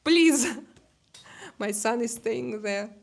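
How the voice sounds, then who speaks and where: Slow-talking Russian-accented woman host. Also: fairly high pitch. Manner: hesitant, many fillers and restarts. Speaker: livestream host. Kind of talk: casual livestream chat reading comments. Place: outdoor terrace.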